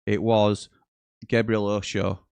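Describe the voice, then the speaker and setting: A man with a low, slow, creaky yet clean-toned voice hosts a live football watchalong in a dry recording. He's chatty, reads out viewers' live chat messages between bits of commentary, and gets excitable when goals are scored.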